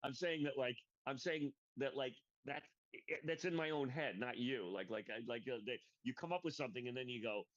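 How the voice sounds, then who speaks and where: A man's voice: medium pitch, a little fast, few pauses. A male comedian co-hosting a podcast, rambling through loose casual chat and often restarting his sentences. The sound is muffled and lo-fi, and the voice is dry with no room echo. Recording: dull lo-fi sound.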